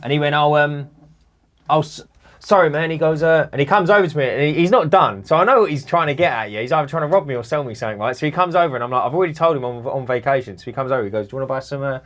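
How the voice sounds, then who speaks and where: London bloke on a podcast, talks quick, slangy and animated, spinning a yarn. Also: male voice, a little high. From England. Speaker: podcast co-host. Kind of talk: casual chat.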